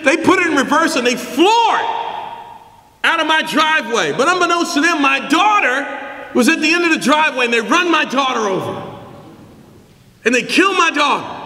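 A man preaching a sermon as pastor, emphatic and building to shouts, with call-and-response questions to the congregation. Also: very high voice. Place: church sanctuary. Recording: echoey hall reverb.

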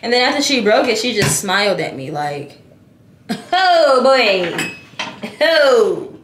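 Her mid-range voice swings widely in pitch, moves briskly, and has a fairly bright tone. The woman is vlogging at home at night, filmed on a tripod camera as she gets ready. She chats casually with her audience and calls them y'all.

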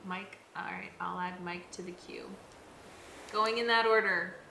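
A woman's voice: fairly low pitch, fairly even intonation, measured pace, creaky, bright, forceful tone, reverberant, a little hiss or hum. A young woman streaming a game live, chatting with viewers and sounding exasperated.

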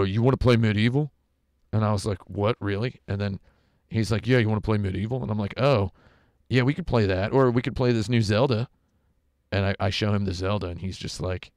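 Rambling low-voiced man streaming. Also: no echo, clean studio sound. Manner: rambling, digressive storytelling. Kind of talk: casual livestream chat. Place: home room with carpet. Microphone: headset.

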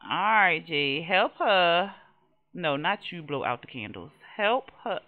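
Animated woman doing gameplay commentary. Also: fairly low pitch, slow pace, phone-quality sound. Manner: animated, exasperated, swears freely, chats to viewers. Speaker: gaming channel host.

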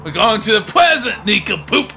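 A man doing Sam, a gravelly bossy dog detective. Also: high-pitched, big pitch swings, moderate pace, bright, forceful tone, faint music behind, exaggerated voice. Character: Sam, laid-back male dog detective. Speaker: fan dub voice actor.

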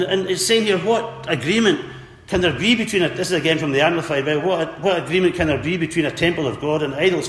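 A man's voice: a little high, fairly bright tone, slight background noise. A man preaching a sermon earnestly, repeating words and calling out for amens. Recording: echoey hall with faint ambience.

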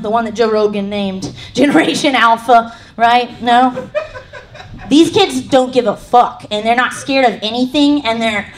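Brash high-voiced woman doing stand-up. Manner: brash, crude, playful. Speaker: stand-up comedian. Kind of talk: crude stand-up set. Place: comedy club stage.

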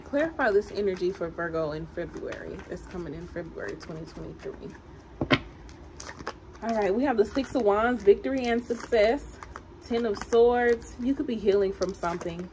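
A woman with a Southern country accent doing a chatty, emphatic tarot reading for viewers. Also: medium pitch. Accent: American Southern country. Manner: animated, emphatic, chatty and teasing. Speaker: tarot reader. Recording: noisy home recording.

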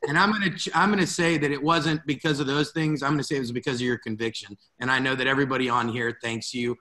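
A man's voice: medium pitch, fairly even intonation, quick pace, sharp tone. A man hosting a team video call, emotional and grateful as he speaks.

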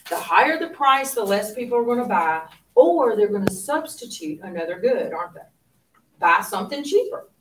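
In a sing-song, mid-range voice at normal speed, a woman teaches economics, quizzing her class and lowering to near whispers for asides. The mic is distant in a roomy classroom, and the background is noisy.

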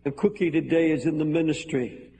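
A man's voice: a little high, steady tone, fairly quick, mellow. Earnest older man preaching in hall. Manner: earnest, pleading. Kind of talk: sermon. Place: large hall with balcony. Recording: echoey hall, faint noise.

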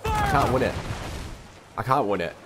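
A man's voice: medium pitch, wildly swooping pitch, moderate pace. A young man giving gameplay commentary, muttering to himself and repeating his frustrations as he plays. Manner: exasperated, talking to himself, repetitive. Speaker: gamer. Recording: voice over game audio with loud music. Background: loud game music and cannon fire.

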